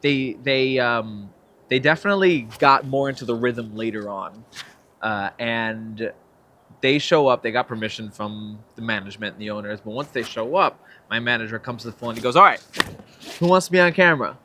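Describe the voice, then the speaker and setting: A young man with a mid-range voice speaks at a moderate pace over slight background noise. He's a filmmaker and actor appearing as a guest in a casual interview, telling stories animatedly and acting out quotes with laughs.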